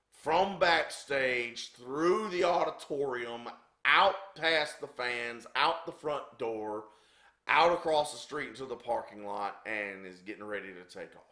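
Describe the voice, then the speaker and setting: Animated man telling a wrestling story. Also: mid-range voice. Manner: animated, acts out sound effects. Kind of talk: anecdotal storytelling. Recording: roomy echo.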